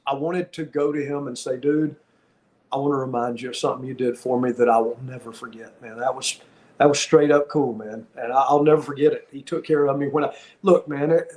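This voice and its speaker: A middle-aged man hosting a podcast. He tells a story in a casual, animated way and acts out the lines of the people in it. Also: mid-range voice. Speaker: podcast host and former wrestler.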